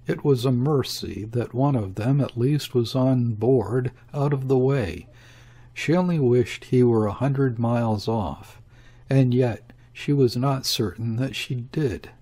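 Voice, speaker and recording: Male audiobook reader, husky, slow and measured. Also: medium pitch. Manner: slow, measured, even reading. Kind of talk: scripted literary narration.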